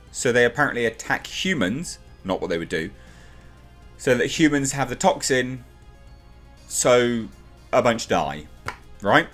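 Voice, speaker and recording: Exasperated ranting male reviewer. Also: a bit bright. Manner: exasperated, sarcastic, mocks characters in high put-on voices; swears and repeats himself for emphasis. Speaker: TV show reviewer.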